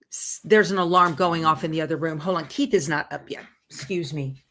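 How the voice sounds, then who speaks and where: A woman's voice: low voice, fairly bright tone, slight background noise. A woman hosting a live sewing stream, chatting casually and reading viewer comments aloud. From Texas. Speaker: host of a live sewing show.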